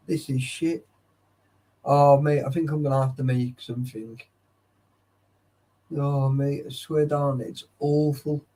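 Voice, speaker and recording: A man's voice: on the high side, warm tone. A young man chatting casually with live viewers, tired and sleepy, swearing often and greeting chatters by name. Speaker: livestreamer.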